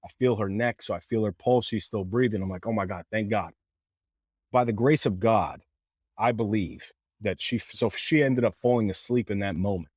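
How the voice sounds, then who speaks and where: A man's voice: fairly low pitch, normal speed, a little mellow, husky, no echo, studio quality. A man telling an emotional personal story as a podcast guest, earnest, with many fillers and restarts. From Canada. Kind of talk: candid storytelling.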